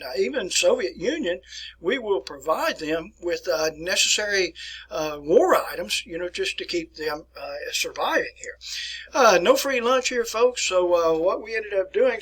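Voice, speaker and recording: A man's voice: high voice, fairly bright tone, breathy edge, rough recording. A man giving a folksy history lesson as a teacher, often addressing his listeners as folks, with chatty asides. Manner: chatty asides with many uhs. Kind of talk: classroom history lecture.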